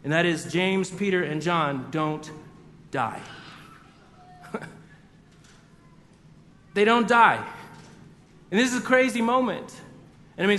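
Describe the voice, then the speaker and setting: A man with a high voice preaches a lively, animated sermon and acts out the voices of the people in his story. His voice rings with a long reverb, as in a large hall, with a faint hum of room ambience behind him. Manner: animated storyteller acting out quotes. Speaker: pastor.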